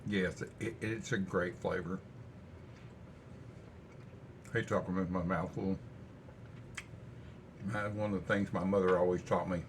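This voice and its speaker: An older man with a very low, deep voice talks through his home cooking in a relaxed, rambling, folksy way. A faint hiss of background noise sits under his speech. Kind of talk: casual cooking vlog chat.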